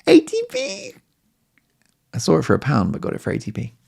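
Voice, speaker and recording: A man hosting a podcast in a casual, playful monologue, jumping now and then to squeaky high exclamations. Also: expressive, racing, vocal fry, noisy background. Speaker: podcast host.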